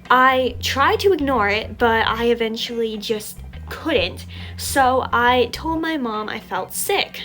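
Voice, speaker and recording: A young adult woman telling a story from her childhood in an animated, chatty, self-mocking way, while still a little sick. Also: a little high, slow pace, faint music behind. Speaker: storytime vlogger. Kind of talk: casual storytelling.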